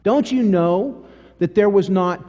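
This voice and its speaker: A man's voice: sits high, measured pace, lo-fi sound. Emphatic male pastor, sermon delivery, reverberant sanctuary sound. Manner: emphatic, animated storytelling with big swings in volume. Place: church sanctuary. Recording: long church-hall reverb.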